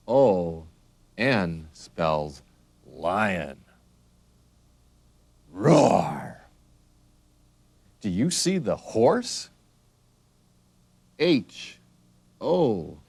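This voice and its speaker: Slow, deep-voiced man spelling words for kids. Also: no room sound. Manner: slow, spells words letter by letter, friendly questions. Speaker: children's educational narrator. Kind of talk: scripted narration.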